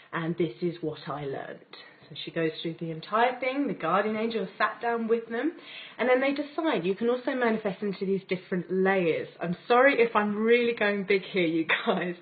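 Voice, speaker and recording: British woman giving a chatty spiritual lesson, really enthusiastic, tinny phone-ish audio. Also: on the low side. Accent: British English. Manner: gushing and enthusiastic, often laughing. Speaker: spiritual course teacher. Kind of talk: casual spiritual lesson to camera.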